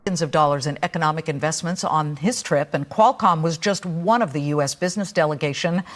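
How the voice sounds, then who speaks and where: A woman anchoring a broadcast business news report in a crisp, measured way. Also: sits low.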